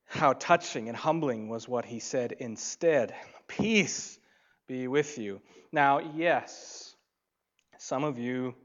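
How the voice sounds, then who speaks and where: A man preaching a sermon at an unhurried pace. His delivery swings between loud, emphatic lines and soft, hushed asides. The recording sounds dull and lo-fi. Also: medium pitch. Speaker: pastor.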